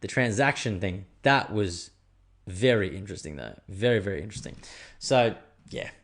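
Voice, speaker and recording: A man's voice: on the low side, lively intonation, moderate pace, a bit bright. A young man hosting a solo podcast, chatting casually and swearing as he rambles through stories. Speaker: podcast host.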